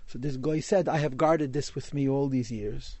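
A man's voice: medium pitch, moderate pace, darkish tone, dry recording. A man telling a Hasidic story in a class, mixing in Yiddish and Hebrew words.

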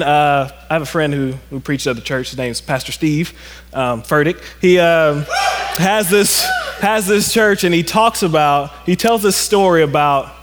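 A male pastor preaching a sermon to a congregation, animated and acting out stories in quoted voices. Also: a little high. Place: church sanctuary. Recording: long reverb of a church hall.

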